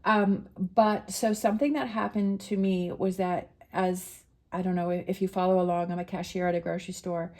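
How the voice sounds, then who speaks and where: A middle-aged woman speaks in a casual, rambling monologue about her own life, often restarting her sentences. Her voice is mellow and warm, and it carries plenty of emotion. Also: fairly low pitch, little pitch movement, moderate pace, hardly any pauses. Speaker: tarot reader sharing a personal story.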